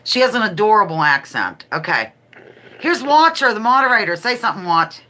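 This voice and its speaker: A woman's voice: mid-range voice, big pitch swings, fairly quick, bright, forceful tone. A middle-aged woman hosting a casual home livestream, chatty, playful and rambling. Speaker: livestream host. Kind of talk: casual live-stream chat.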